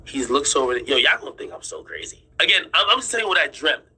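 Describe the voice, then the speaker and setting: A man's voice: fairly high pitch, wildly swooping pitch, fast talker, sharp tone, breathy edge, low-quality recording. A man telling his viewers a story in casual chat, insistent, repeating himself and swearing freely as he explains. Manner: draws on screen while explaining. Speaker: streamer and commentator.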